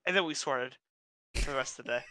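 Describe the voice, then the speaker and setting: A young man co-hosting a casual podcast, telling stories in an animated, profane way with frequent restarts. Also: mid-range voice, quick pace, no echo, studio quality. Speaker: podcast co-host. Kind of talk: casual chat.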